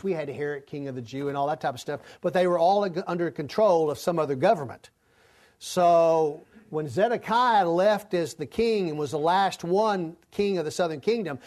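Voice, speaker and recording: A man with a high, darkish voice teaches a Bible study class informally and conversationally, often restarting sentences and using fillers.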